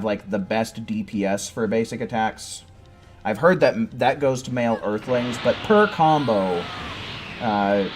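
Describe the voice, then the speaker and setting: A man's voice: mid-range voice, a little mellow, a little hiss or hum. A man giving casual, rambling commentary while playing a video game, with occasional swearing outbursts. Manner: chatty, rambling, profane outbursts. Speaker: gaming streamer.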